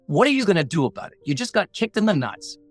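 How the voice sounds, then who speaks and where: A man's voice: high-pitched, sing-song, fast talker, soft background music. Earnest, blunt man telling a life story. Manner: earnest, punchy, acts out inner voices; blunt, plain-spoken. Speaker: podcast guest, negotiation coach. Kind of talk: motivational storytelling.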